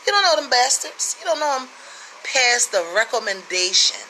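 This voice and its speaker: A woman's voice: a little high, big pitch swings, moderate pace, sharp tone, a little hiss or hum, poor audio. A woman from the United States giving blunt, profane relationship advice in a casual monologue.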